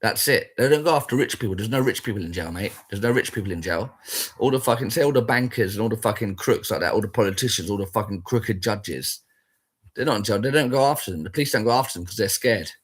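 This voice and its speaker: A man's voice: on the low side, animated, quick pace, breathy edge. A man in a blunt, rambling, sweary casual rant that keeps repeating its points.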